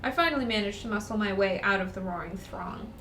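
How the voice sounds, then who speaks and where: A woman co-hosting a let's-play, reading the game's narration aloud and breaking into excited chatter. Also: mid-range voice, fast, distant mic. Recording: roomy echo, off-mic, faint noise.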